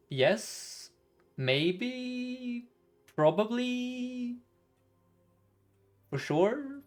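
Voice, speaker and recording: A man on a live game stream, thinking each move through out loud in an unhurried, chatty way. His voice sits a little high, and he laughs easily between calls. Faint music plays under him.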